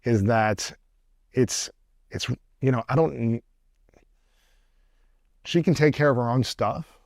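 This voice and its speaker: A man's voice: mid-range voice, slow pace, darkish tone, no room sound, studio quality. A man hosting an interview show, curious and affirming, asking probing follow-up questions. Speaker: podcast host. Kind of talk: interview conversation.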